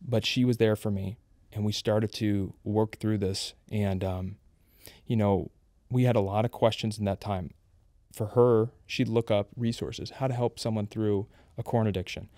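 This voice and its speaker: Earnest man with a mellow voice. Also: lowish voice, fairly even intonation, moderate pace, dry recording, clean studio sound. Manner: earnest, confessional storytelling. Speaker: guest. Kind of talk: candid personal testimony.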